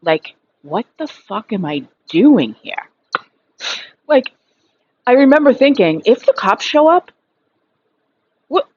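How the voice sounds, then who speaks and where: A woman's voice: fairly high pitch, very animated, slow pace, pauses often, darkish tone, breathy edge, highs cut off. A woman in her thirties telling a story in a casual vlog monologue, frank and rambling, swearing freely and filling her sentences with fillers. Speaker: recovery vlogger.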